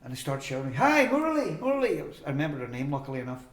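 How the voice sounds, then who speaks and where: A man's voice: medium pitch, level tone, rapid-fire, darkish tone, echoey room. An older man telling a long personal story in a casual interview, acting out the voices of the people he quotes. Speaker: interview guest.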